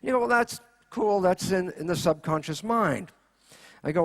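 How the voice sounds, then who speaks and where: A man giving a keynote lecture, animated, asking rhetorical questions and acting out quoted voices. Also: sits high, normal speed, creaky. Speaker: conference speaker.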